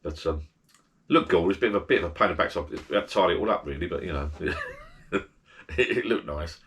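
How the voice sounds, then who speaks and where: A man's voice: low voice, fast, a bit bright, slight background noise. A man giving rambling, chatty holiday advice as a travel vlogger, full of restarts and asides. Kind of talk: casual holiday advice chat.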